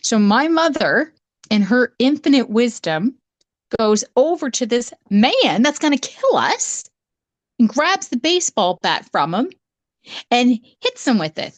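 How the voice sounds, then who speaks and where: Canadian woman, podcast co-host, animated storyteller, dry close recording. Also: on the high side, unhurried, dry recording. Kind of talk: casual storytelling.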